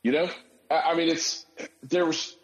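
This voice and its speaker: A man's voice: fairly high pitch, fairly even intonation, moderate pace, dull audio, faint music behind. A man co-hosting a podcast, chatting casually and building his arguments point by point. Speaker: podcast co-host. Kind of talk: casual chat.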